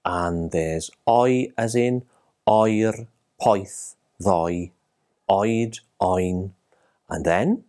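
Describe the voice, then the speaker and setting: A man's voice: low voice, drawn-out words, warm tone. A man teaching a language lesson in careful, scripted narration, spelling out each sound.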